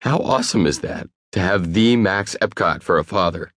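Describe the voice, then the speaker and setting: A man's voice: deep voice, animated, moderate pace, a bit bright, no echo, clean studio sound, pitched above the performer's own voice. A man voicing a nervous, eager young male waiter in audiobook dialogue, raising his voice above his own. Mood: starstruck. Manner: hesitant, eager.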